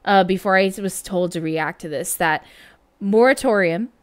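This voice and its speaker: A woman hosting a music reaction, talking casually about a song, laughing often and humming the riffs out loud. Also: fairly low pitch, normal speed, clear, resonant tone. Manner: chatty, laughs often, hums and scats riffs. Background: faint music.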